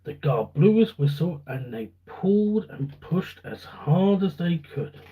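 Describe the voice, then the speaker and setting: A man narrating a children's storybook aloud on a livestream, unhurried and animated. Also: a little high, narrow, tinny audio.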